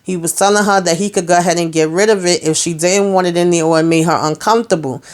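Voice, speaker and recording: A woman's voice: lowish voice, fairly even intonation, fast. A woman casually recapping a TV episode, retelling scenes through quoted lines and personal asides. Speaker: TV recap host.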